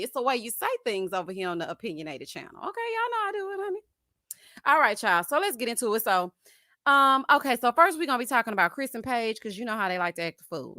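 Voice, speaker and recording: A woman hosting a live-stream recap of reality TV. She talks in a sassy, animated way, calling viewers honey and child and laughing often. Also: fairly high pitch, no room sound, studio quality. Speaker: TV recap show host.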